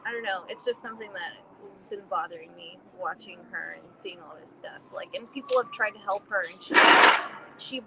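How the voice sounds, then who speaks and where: A woman's voice: mid-range voice, brisk, vocal fry, very noisy. A woman co-hosting a podcast, talking in an earnest, casual way, full of "like" fillers. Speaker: podcast co-host. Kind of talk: casual chat.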